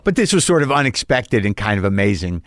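A man's voice: on the low side, big pitch swings, fast, no echo. Rambling middle-aged male podcast host. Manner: rambling, self-deprecating, many restarts and fillers. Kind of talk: casual solo monologue.

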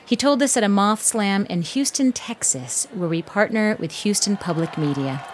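A woman hosting a radio storytelling show, reading scripted narration in a calm, measured way. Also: mid-range voice, noisy background.

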